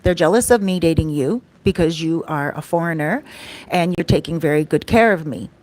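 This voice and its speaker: A woman quoting an evasive young man who makes excuses in a story, speaking in her own lowish voice. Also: brisk, darkish tone, natural voice, rough recording.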